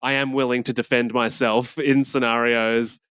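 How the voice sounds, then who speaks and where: A man's voice: medium pitch, level tone, normal speed, a bit bright, smooth, dry recording. A man interviewing in a casual chat, thinking aloud and circling around his questions.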